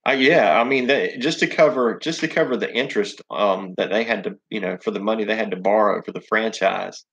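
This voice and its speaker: A man's voice: on the low side, brisk, creaky, fairly bright tone, lo-fi sound. A man with a Southern US accent hosting a casual live chat, rambling and swearing, full of ums and restarts. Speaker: live stream host.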